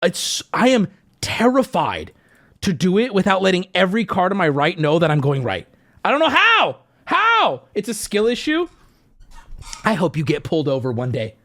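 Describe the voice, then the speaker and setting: A man streaming live, ranting casually to his chat with animated swings between mock outrage and joking. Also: sits high, moderate pace.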